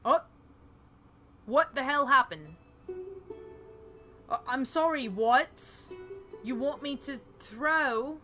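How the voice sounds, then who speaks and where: A young woman talks through a game she's playing, her voice bright and ringing while her pace stays slow and drawn out. She's chatty and reactive, with yelps and the odd swear. Soft game music plays behind her. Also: high voice, animated. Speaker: gaming channel host. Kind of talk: let's play commentary.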